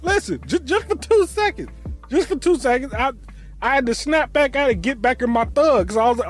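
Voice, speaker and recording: A high-pitched man hosts a reaction show, loud and animated, with his voice swinging widely as he rants and swears freely. Faint music sits behind him. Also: brisk. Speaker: host. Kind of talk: profane reaction commentary.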